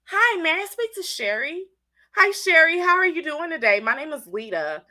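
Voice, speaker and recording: A woman's voice: extremely high pitch, very animated, moderate pace, voice pushed up, exaggerated voice. A woman with a congested cold putting on a polite, proper professional phone voice as a customer caller. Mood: sweet professional. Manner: bright, proper, overly polite.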